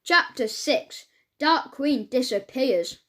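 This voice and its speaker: A woman's voice: high voice, lively intonation, slow, a bit bright. A woman narrating a children's audiobook, reading aloud and voicing each character's lines.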